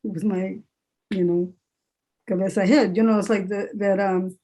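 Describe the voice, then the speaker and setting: A middle-aged woman, an English professor, talking candidly over a video call in a halting, reflective way and slipping Spanish phrases into her speech. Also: mid-range voice, fairly even intonation, dark tone, rough recording. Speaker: English professor and author, panel guest. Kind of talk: casual reflective discussion.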